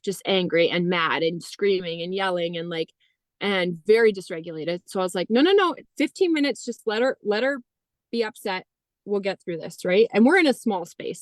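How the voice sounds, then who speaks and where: A woman's voice: medium pitch, dry recording. Woman in her 30s chatting as a podcast guest, lots of "like", dry close sound. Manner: animated, heavy use of "like", acts out quoted dialogue. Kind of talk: personal storytelling in conversation.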